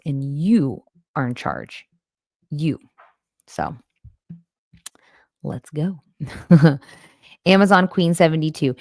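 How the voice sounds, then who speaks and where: A woman with a low, gravelly voice hosts a casual livestream and talks straight to her viewers. She is chatty and warm and at times gets emotional. The sound is close and dry, with no room in it. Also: no echo. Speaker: livestream host and cancer coach. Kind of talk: casual livestream chat reading comments. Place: home in Arizona.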